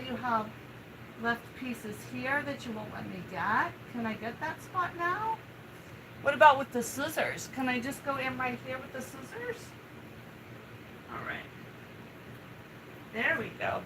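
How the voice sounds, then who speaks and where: A woman's voice: high voice, lively intonation, unhurried, long pauses, noisy background. A woman hosting a live stream, talking casually while she grooms her dog, with a coaxing, soothing baby-talk manner. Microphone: home live-stream setup.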